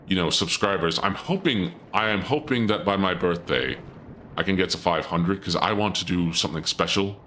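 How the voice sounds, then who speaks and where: A male streamer with a low, slightly bright voice chats casually to his viewers, muttering self-critically as he plays a game. A little hiss or hum can be heard.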